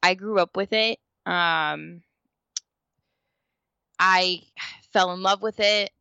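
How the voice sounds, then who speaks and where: A woman co-hosting a casual chat, telling stories in an animated way with lots of "like"s. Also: fairly low pitch, takes it slowly, gravelly, clean tone, dry recording, highs cut off. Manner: animated, storytelling with many "like"s. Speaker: podcast co-host. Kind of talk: casual conversation.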